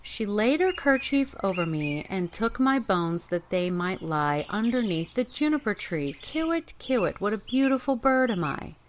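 A woman's voice: mid-range voice, sing-song, moderate pace, hardly any pauses, a little hiss or hum, lightly acted. A woman voicing a small magical bird that chants a mournful song. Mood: chanting.

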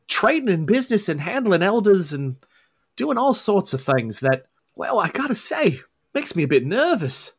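A man's voice: on the high side, pitched above the performer's own voice, heavily acted. Man putting on a wry Scottish vampire woman. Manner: folksy, teasing drawl. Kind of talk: tabletop role-play voicing.

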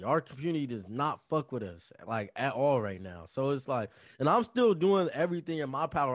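A man's voice: mid-range voice, no room sound. A young college-age man co-hosting a podcast, talking bluntly and emphatically with heavy swearing. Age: young adult. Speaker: podcast co-host. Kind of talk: casual chat.

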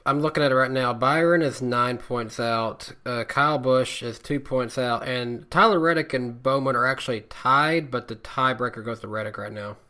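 A man's voice: mid-range voice, moderate pace, hardly any pauses, sharp tone. A man co-hosting a podcast, reading out standings in a matter-of-fact casual tone. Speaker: podcast co-host. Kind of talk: casual motorsport chat.

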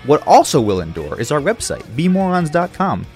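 A man's voice: on the high side, very animated, normal speed, darkish tone, faint music behind. A man co-hosting a comedy podcast, rambling through jokey stories with plenty of fillers. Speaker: podcast co-host.

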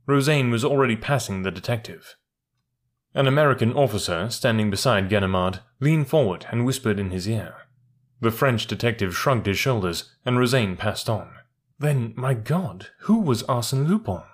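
A man reading a first-person story aloud in a measured, even narration. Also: on the low side. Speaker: audiobook reader.

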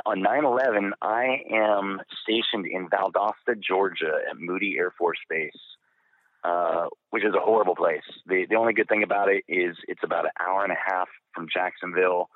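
Middle-aged veteran guest with a deep voice, candid and rambling, on a dry, tinny line. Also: male voice, dry recording. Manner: candid, rambling with fillers and restarts. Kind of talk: storytelling in an interview. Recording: dry, phone-like narrow sound.

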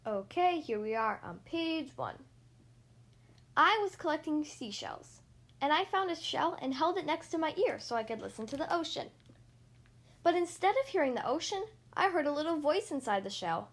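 A woman hosting a podcast where she reads storybooks aloud to young kids, gentle and expressive. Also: a little high, normal speed. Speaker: podcast host reading to kids. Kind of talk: children's story read-aloud.

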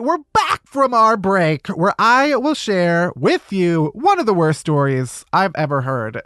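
Lively, swearing male podcast host. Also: a little high, no echo, clean studio sound. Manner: animated, profane, laughs while telling. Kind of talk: casual comedic storytelling.

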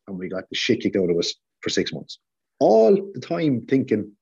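Male podcaster, low husky mellow voice, sarcastic rant, slightly dull audio. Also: fast. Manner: animated, sarcastic, swears. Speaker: podcast co-host. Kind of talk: ranting podcast chat.

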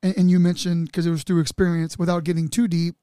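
A middle-aged man chats loosely as a podcast host, wandering through his points with many fillers. His voice sits a bit high but sounds mellow and dark in tone, recorded dry and close. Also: level tone, fast talker, clean tone, dry recording. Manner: rambling, chatty, with many fillers. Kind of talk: casual interview chat.

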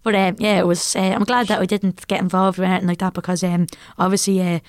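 A young Irish woman rattling through a story in loose podcast chat, her voice smooth and clear. She talks quickly, with plenty of fillers. The sound is close and dry, with no room around it. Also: on the low side, no room sound. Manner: animated anecdote-telling with frequent fillers. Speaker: guest comedian.

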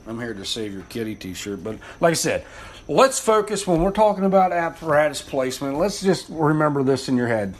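A man's voice: fairly high pitch, very animated, a little fast. Foul-mouthed, rambling man teaching. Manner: profane, rambling, blunt. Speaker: fire service instructor. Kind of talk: informal spoken lesson.

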